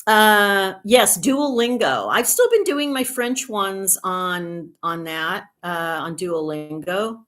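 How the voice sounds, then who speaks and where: A woman's voice: mid-range voice, takes it slowly, few pauses, fairly bright tone. A woman in her sixties from the United States hosting a casual livestream, chatting in a rambling way with dry humor and answering viewer comments. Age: 60s. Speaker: livestream host.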